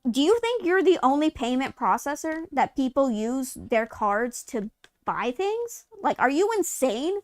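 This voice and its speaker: Brief: woman, high voice, live-stream co-host, furious profane rant, dry close sound. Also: sing-song, a little slow, darkish tone, dry recording. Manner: heated, profane ranting; exasperated rhetorical questions. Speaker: co-host of a live gaming news show. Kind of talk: casual live-stream chat.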